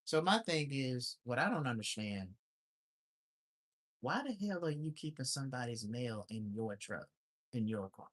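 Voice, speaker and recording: A man's voice: mid-range voice, lively intonation, a little slow, fairly bright tone. Ranting man on a livestream. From lives in Alaska. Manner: blunt and ranting, with profanity; repetitive and exasperated. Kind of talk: casual livestream rant.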